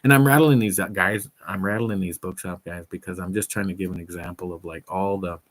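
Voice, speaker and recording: A middle-aged man with a very low voice talks casually and eagerly to his viewers. He rambles, stacks fillers and restarts his sentences, but keeps an easy, upbeat flow. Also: steady tone, a little fast. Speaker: fitness vlogger. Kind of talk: casual chat to camera.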